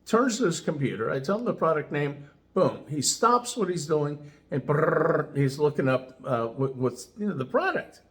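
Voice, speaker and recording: A man's voice: fairly high pitch, normal speed. A man casually telling a personal story as a customer testimonial, chatty and enthusiastic, with lots of "you know" fillers. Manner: enthusiastic, animated retelling.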